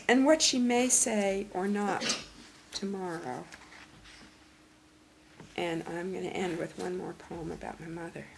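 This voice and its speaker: An older woman poet giving a poetry reading in a measured, reflective way. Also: lowish voice, creaky, a little hiss or hum, low-quality recording. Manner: slow, measured and reflective delivery.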